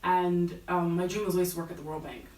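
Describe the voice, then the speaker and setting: A woman in her thirties with an American accent, guesting as a fashion buyer, tells her career story in a chatty way packed with fillers like "like" and "you know." Her voice is fairly low and darkish, with a quick pace and fairly even intonation. The recording sounds roomy and distant.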